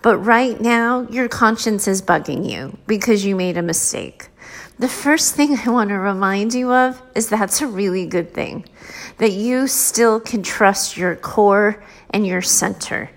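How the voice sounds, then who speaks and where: A woman's voice: mid-range voice, expressive, unhurried, vocal fry. A woman hosting a solo coaching podcast, talking in an earnest, direct way and reading out a listener's letter. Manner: earnest, direct, lightly self-deprecating. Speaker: mindset coach and podcast host.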